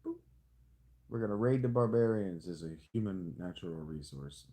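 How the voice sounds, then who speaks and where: A male streamer talks through his strategy game in a loose, joking ramble. His pitch swings widely, from low mutters to sudden squeaky jumps. He slips into a hammed-up hick drawl as he goes. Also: animated, normal speed, warm tone. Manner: rambling, jokey self-talk with sudden high squeaks; playfully hamming a hick drawl. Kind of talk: casual live-stream commentary.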